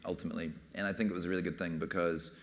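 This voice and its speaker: A man's voice: low voice, steady tone, racing. A man speaking as a film director on a panel, rambling casually with many fillers. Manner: rambling, full of "you know" and "like".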